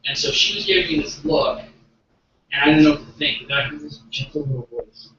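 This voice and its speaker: A man's voice: on the high side, huge pitch swings, fast, pushed and bright, slight background noise. Self-deprecating man doing stand-up, echoey room. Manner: self-deprecating, awkward storytelling with acted-out quotes. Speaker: stand-up comedian. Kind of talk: stand-up routine. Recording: echoey, dull recording from a distant mic.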